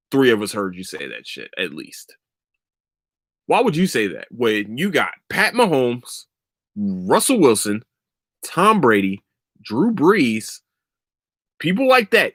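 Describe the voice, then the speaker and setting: A man's voice: mid-range voice, a bit bright, no room sound, studio quality. A young man hosting a podcast, ranting about sports in a heated, sarcastic and profane way. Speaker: podcast host. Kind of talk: casual sports rant.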